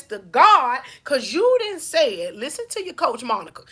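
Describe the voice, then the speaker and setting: A woman's voice: sits high, sing-song, normal speed, hardly any pauses, fairly bright tone. A woman with a Southern US accent, a faith-based life coach giving a preaching-style motivational talk, driving her points home with rhythmic repetition and call-outs to her listeners.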